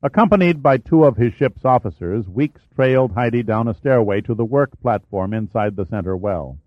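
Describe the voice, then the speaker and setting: A man giving a steady, measured audiobook narration. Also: medium pitch, no room sound, narrow, tinny audio. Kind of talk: scripted narration.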